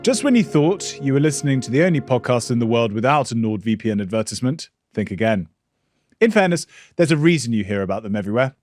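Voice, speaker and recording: A man hosting a podcast, explaining at a measured pace with some stammering restarts. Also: mid-range voice, big pitch swings, darkish tone, no room sound, soft background music. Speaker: podcast host. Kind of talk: interview and read ad.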